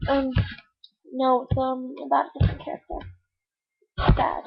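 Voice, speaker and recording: A woman's voice: high voice, completely flat delivery, measured pace, vocal fry, slightly rough, faint music behind. A teenage girl chatting casually about books to her webcam, giggly and full of filler words. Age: teens. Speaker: book vlogger. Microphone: webcam microphone. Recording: dull webcam audio with faint hiss.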